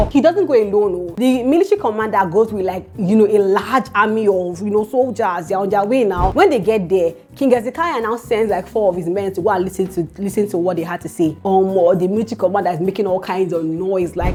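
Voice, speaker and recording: A woman with a Nigerian accent telling a Bible story in a chatty, animated vlog style, often checking in with the viewer. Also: medium pitch, brisk, few pauses, soft background music. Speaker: YouTube storyteller.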